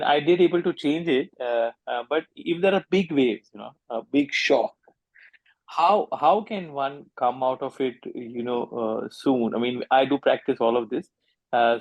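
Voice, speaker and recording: A man with a gravelly voice asks a question in an online session, hesitant and searching for words. The call audio is dull and lo-fi, and the sound is dry. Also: medium pitch, normal speed, no echo. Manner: hesitant, many fillers and restarts. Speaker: participant asking a question. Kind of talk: casual question in a webinar.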